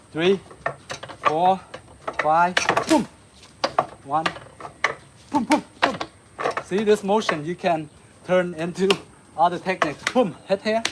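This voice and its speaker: A man with a Vietnamese accent teaching a live martial arts lesson, counting and calling out strikes as he demonstrates. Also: a little hiss or hum. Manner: demonstrating moves, counting, shouting "boom".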